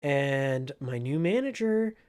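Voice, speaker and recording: A man's voice: medium pitch, expressive, darkish tone, smooth. A man telling an emotional story from his old job in a casual vlog, in an earnest, heartfelt way. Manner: slow, earnest, emotional retelling. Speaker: vlogger, former game store clerk.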